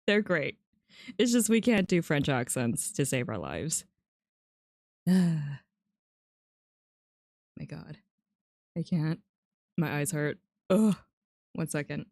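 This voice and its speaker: A woman's voice: sits low, very animated, very slow, pauses often, a little mellow, no room sound, studio quality. A woman streamer chatting casually and reading game characters' lines in put-on voices, with a playful, giggly manner, at home. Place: room at home.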